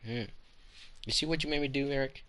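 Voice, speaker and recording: A man giving casual commentary while playing a game, muttering and reacting aloud, often hushed. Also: mid-range voice, fairly even intonation, fairly quick. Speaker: gamer.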